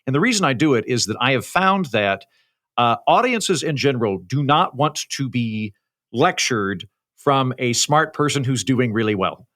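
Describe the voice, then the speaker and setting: Comedian guest, man in his 30s, faint Oklahoma lilt, crisp announcer-like delivery, bright tone. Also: medium pitch, expressive, moderate pace. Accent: light Oklahoma American. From Oklahoma, USA. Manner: formal, authoritative radio-style diction, wry storytelling. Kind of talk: casual chat.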